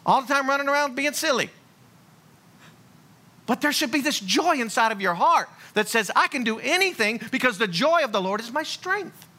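A man preaching a sermon in a lively, blunt, joking way. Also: very high voice, moderate pace. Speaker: pastor.

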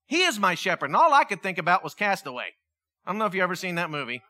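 A man preaching a sermon, animated, asking the congregation questions and acting out quotes. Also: high-pitched, quick pace. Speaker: pastor.

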